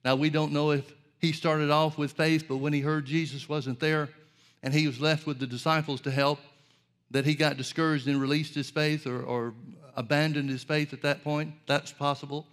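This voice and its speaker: A man's voice: fairly high pitch, level tone, normal speed, fairly bright tone. A man preaching a sermon, earnest and direct, asking rhetorical questions and addressing his listeners as folks.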